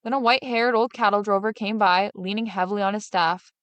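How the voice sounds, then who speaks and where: A woman reading a fairy tale aloud in steady, expressive narration. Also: mid-range voice, fairly quick, dry recording. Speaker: storyteller.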